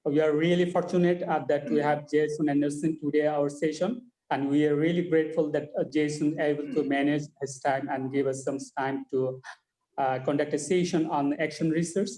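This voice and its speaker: A man hosting a webinar, introducing the speaker formally with many pauses and fillers. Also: fairly high pitch, fairly even intonation, mellow, reverberant, rough recording. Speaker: webinar host. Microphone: video call.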